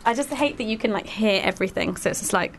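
A woman's voice: medium pitch, animated, quick pace, slight background noise. A woman hosting a radio show in a studio, chatting casually and laughing often.

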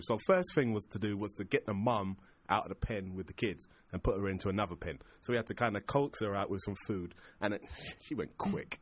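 A man tells a comic story in a casual chat, acting out the voices of the people in it. His pitch swings widely as he talks. He often breaks into laughter mid-sentence. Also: slightly rough. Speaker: guest telling a story. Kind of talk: casual anecdote.

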